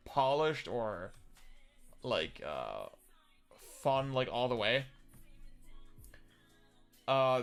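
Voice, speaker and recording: A man's voice: mid-range voice, a bit bright. Rambling young man on a livestream. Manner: rambling, hesitant with many fillers and restarts, casual swearing. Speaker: livestream host. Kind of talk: casual livestream chat reading viewer comments.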